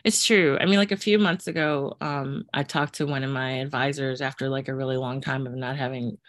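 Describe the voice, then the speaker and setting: A woman's voice: a bass voice, fairly even intonation, brisk, dry recording. A woman co-hosting a podcast in casual chat, talking in a chatty way with lots of fillers and frequent laughs. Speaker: podcast co-host.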